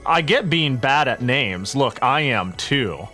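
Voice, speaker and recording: A man's voice: mid-range voice, lively intonation, slow pace, pushed and bright, faint music behind. Rambling, joking male streamer. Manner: rambling, joking, swears often, frequent self-corrections. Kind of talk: casual gaming stream chatter.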